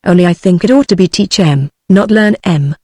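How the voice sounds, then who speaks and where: A woman's voice: lowish voice, normal speed, no room sound, clean studio sound, natural voice. A British text-to-speech woman's voice reading the lines of a fussy, anxious male rat in a storybook. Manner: flat synthetic delivery.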